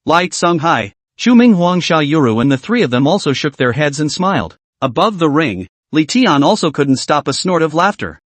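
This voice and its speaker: Lively-voiced man narrating a story recap. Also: fairly high pitch, normal speed, few pauses, dry recording.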